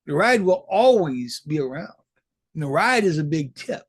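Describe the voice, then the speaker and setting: A man's voice: fairly high pitch, very animated, moderate pace, slightly rough, no echo, clean studio sound. A man who was recently paroled, giving casual, rambling commentary full of swearing and street slang. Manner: rambling, profane street talk. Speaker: formerly incarcerated commentator.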